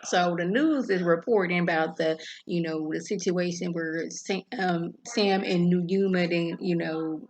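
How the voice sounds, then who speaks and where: A woman giving a casual, animated recap of a TV episode, acting out the characters' lines as she goes. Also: on the low side, unhurried, few pauses. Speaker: TV episode reviewer.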